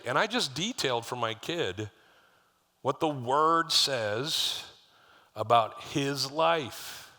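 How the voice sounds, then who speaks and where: A middle-aged man, lead pastor of his church, preaches in a medium-pitched, sharp voice, animated but unhurried. He speaks in a conversational, storytelling style, turning aside to address the congregation, with live hall reverb around him.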